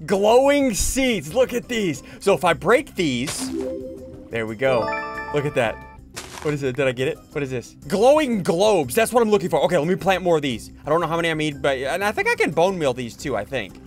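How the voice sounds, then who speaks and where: A man hosting a video game playthrough, chatting excitedly and playfully taunting the creatures he fights. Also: a little high, brisk, soft background music. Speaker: gaming video host. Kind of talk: Let's Play commentary.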